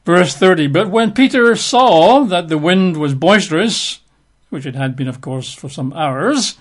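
A man's voice: fairly high pitch, animated, measured pace. A man preaching a sermon, reading scripture aloud and breaking off for conversational, wry asides with the odd chuckle.

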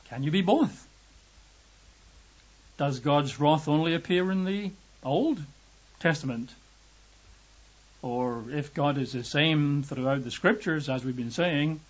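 A man from Britain preaching a lively, emphatic sermon, raising his voice to act out quotes. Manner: lively emphatic, acts out quotes with raised pitch. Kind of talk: sermon teaching. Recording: dull lo-fi recording.

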